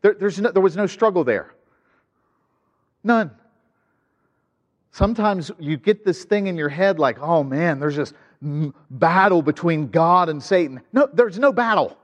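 A man's voice: a little high, animated, unhurried, big-room sound. A man preaching a sermon as pastor, conversational, with asides and rhetorical questions to the congregation.

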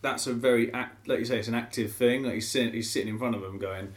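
A man's voice: mid-range voice, fairly even intonation, quick pace. A man in a casual group discussion, asking questions in a quizzical way.

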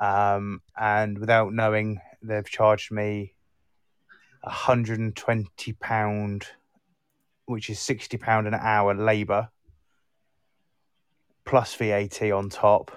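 A man's voice: on the low side, monotone, takes it slowly, pauses often, clean tone, no room sound, clean studio sound. A man telling a story about his car on a casual live chat. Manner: storytelling, exasperated.

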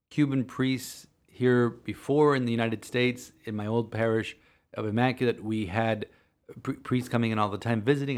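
Earnest halting priest, podcast chat. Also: male voice, medium pitch. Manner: earnest, halting with many restarts.

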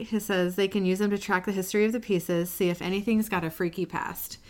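Laughing woman recapping a show. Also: medium pitch. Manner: lively, laughing, quotes characters in quick asides. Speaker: podcast co-host recapping a TV episode. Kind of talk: casual chat, recapping.

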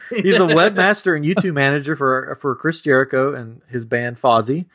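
A man's voice: medium pitch, moderate pace, a bit bright. A man co-hosting a podcast, telling a story in a chatty, self-amused way. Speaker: podcast co-host. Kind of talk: casual chat.

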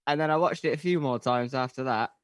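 A man's voice: mid-range voice, quick pace, no room sound. A man co-hosting a casual podcast, joking and trading playful banter. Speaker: podcast co-host. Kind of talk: casual chat.

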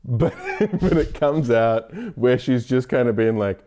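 A man talking on a casual podcast, quick to laugh and to exclaim. He often acts out what others said in mock voices, with an ordinary mid-range voice. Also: medium pitch, lively intonation, warm tone.

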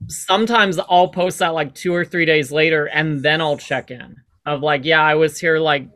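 A man chatting as a guest on a podcast. His voice is bright and forward, and he rambles easily, dropping "like" into almost every sentence. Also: on the high side, steady tone, moderate pace. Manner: rambling, many "like" fillers. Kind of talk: casual interview chat.

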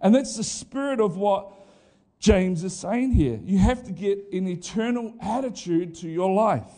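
A middle-aged male pastor preaching a sermon in a lively, conversational way, with asides to the congregation. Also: sits high, a little slow.

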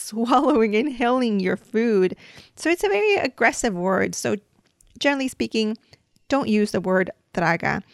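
A woman's voice: mid-range voice, creaky, dry recording, clean studio sound. Chatty woman hosting a dental podcast. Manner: chatty and explanatory, coaching the listener. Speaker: podcast host and dental hygienist. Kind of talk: casual podcast lesson.

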